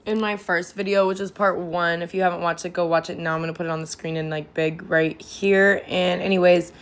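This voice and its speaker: A woman's voice: lowish voice, flat delivery, fairly quick. A woman telling her own story straight to camera, blunt and slangy, swearing freely and rambling with restarts and lots of "like". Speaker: vlogger sharing her sobriety testimony. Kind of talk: candid personal storytelling.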